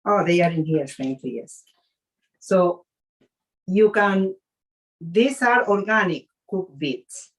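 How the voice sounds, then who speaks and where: A woman chef leading a live cooking demonstration, speaking haltingly with fillers and restarts, an English speaker. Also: fairly low pitch, expressive, poor audio.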